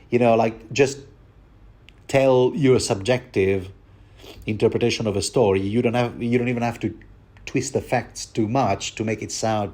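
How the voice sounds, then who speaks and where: A man's voice: mid-range voice, a little mellow. Rambling man hosting a book commentary. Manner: digressive, conversational, addresses listeners directly.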